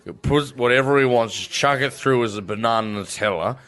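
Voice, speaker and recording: A man's voice: mid-range voice, fairly quick, lightly acted. A man playing a weary 58-year-old café manager who grumbles in an improvised comedy sketch. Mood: fed-up. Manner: flat, fed-up grumbling.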